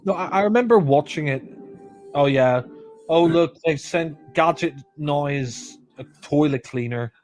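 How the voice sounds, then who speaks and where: A man's voice: a little high, unhurried, a little mellow, soft background music. A man casually commentating on a film and often repeating himself as he hesitates. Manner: hesitant, stumbles and repeats words.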